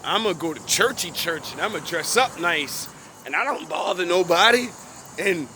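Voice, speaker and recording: A man's voice: sits high, lively intonation, moderate pace, bright, forceful tone, slight background noise. A man putting on a self-righteous churchgoer who pleads in a mock-pious way. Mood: pleading.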